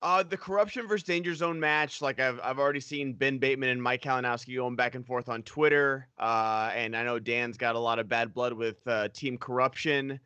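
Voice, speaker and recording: A man's voice: medium pitch, steady tone, fairly quick, hardly any pauses, pushed and bright, clean tone, no echo. A young man on a live show panel, chatting casually and rambling with lots of fillers. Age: young adult. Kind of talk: casual chat.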